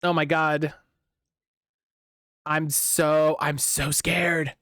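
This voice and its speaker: A man streaming a game live and reacting excitably, with frequent swearing, as he plays. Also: a little high, extremely slow, pauses often, no echo, clean studio sound.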